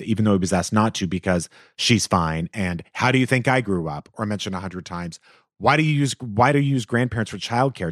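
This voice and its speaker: A man hosting an advice podcast, reading a listener's letter aloud with animated, expressive delivery and the odd aside. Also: deep voice, no echo, studio quality.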